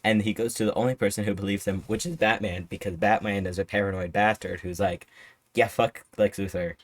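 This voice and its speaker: Fast-talking, profane male reviewer. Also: on the low side, fairly even intonation, no echo. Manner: rapid, profane, sarcastic retelling. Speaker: film reviewer. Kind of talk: casual commentary.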